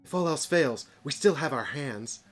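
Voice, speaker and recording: A man voicing a resolute woman rebellion soldier who rallies her team in a steady, plain manner. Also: fairly high pitch, normal speed, faint music behind. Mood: rallying. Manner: rallying, steady.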